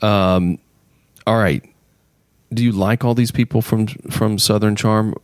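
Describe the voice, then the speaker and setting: A man hosting a casual podcast interview, joking and stumbling through quick restarts. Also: fairly low pitch, fairly even intonation, clear, resonant tone, no room sound, clean studio sound. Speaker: podcast host.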